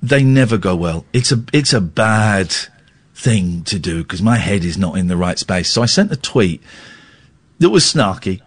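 A middle-aged Englishman hosts a radio phone-in, speaking into a studio microphone. His voice is slightly husky and his pitch rises and falls a lot as he tells a candid, self-deprecating story. He stammers and restarts as he goes. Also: animated, a little slow. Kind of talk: candid talk-radio monologue.

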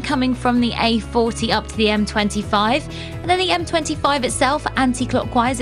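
Brisk woman reading traffic news. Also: a little high. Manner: brisk, clear. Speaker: travel reporter. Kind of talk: radio traffic bulletin.

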